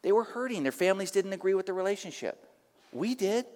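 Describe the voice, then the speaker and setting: A middle-aged male pastor delivers a sermon, weaving in animated personal stories. His voice sits notably high for a man. The sound carries the long reverb of a church sanctuary. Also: fast talker. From San Francisco area, USA. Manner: animated, emphatic storyteller.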